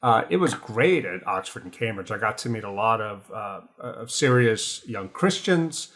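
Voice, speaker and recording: A man's voice: fairly low pitch, animated, moderate pace, a bit bright. A man telling stories in a casual podcast chat from a hotel room, often trailing off and restarting his sentences. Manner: chatty storyteller, trailing off and restarting. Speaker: guest writer.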